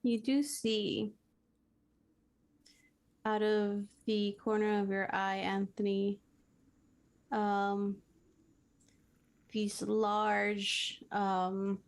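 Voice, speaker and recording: A woman acting as game master, narrating a tabletop game in a halting way, with many pauses and fillers. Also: medium pitch, flat delivery.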